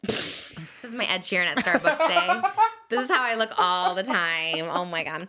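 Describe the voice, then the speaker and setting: A young woman hosting a podcast, chatting casually and quickly with lots of "like"s. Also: fairly low pitch, lively intonation, pushed and bright, slight background noise. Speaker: podcast host. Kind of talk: casual chat.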